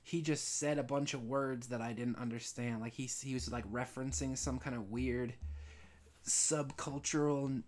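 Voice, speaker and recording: A man live streaming while he animates, telling a casual story with many restarts and frequent throat clearing. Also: medium pitch, steady tone, moderate pace. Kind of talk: rambling casual anecdote.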